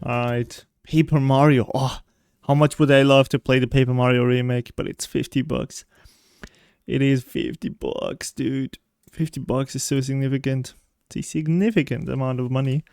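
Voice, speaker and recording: A man's voice: mid-range voice, steady tone, moderate pace, creaky, darkish tone, clear, resonant tone, no room sound, clean studio sound. A man streaming a video game, chatting casually and rambling while he plays. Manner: rambling, chatty, often laughing. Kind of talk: casual gameplay chat.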